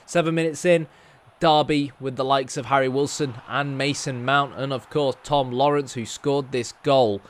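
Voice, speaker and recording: A man's voice: medium pitch, steady tone, normal speed. A young man chatting casually through his football game, rambling and self-deprecating with plenty of fillers. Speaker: gaming YouTuber. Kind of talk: casual gameplay commentary.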